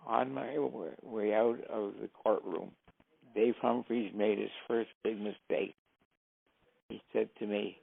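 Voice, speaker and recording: An older man, an interview guest, telling stories in a lively way and acting out the dialogue as he goes. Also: fairly low pitch, slow, dry recording. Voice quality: gravelly. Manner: lively storyteller who acts out the dialogue. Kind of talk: anecdotal storytelling. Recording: tinny, phone-like, dry sound.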